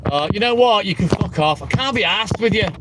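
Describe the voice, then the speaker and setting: A man's voice: high voice, animated, brisk, heavy background noise. A man hosting a live stream and chatting with viewers in sweary, joking banter, recorded on a phone inside a vehicle. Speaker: livestream host. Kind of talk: casual live-stream chat.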